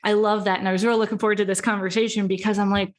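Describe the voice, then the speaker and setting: Animated playful woman podcast guest. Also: medium pitch, very fast. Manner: animated and playful, laughs, jumps into quoted voices. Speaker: podcast guest, healthy eating advocate. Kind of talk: casual interview chat.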